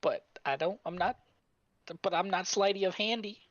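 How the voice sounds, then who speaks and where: A man's voice: sits high, normal speed, no room sound, highs cut off. A man playing in a tabletop game, hesitant and jokey. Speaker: player. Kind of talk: casual tabletop play.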